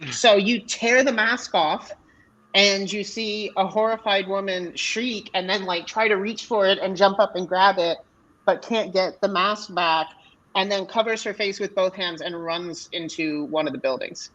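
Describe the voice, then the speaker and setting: A woman's voice: mid-range voice, unhurried, fairly bright tone, lo-fi sound. A woman narrating as the dungeon master of a tabletop game, talking casually with plenty of fillers and restarts. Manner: chatty, hesitant, many fillers and restarts. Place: live convention panel or online session.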